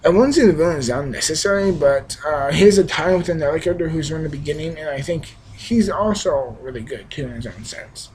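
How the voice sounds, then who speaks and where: A man's voice: fairly high pitch, expressive, a little fast, few pauses, darkish tone, slight background noise, low-quality recording. A young man giving a casual, rambling film review, with frequent restarts, fillers and emphatic bursts. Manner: enthusiastic, emphatic. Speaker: movie reviewer.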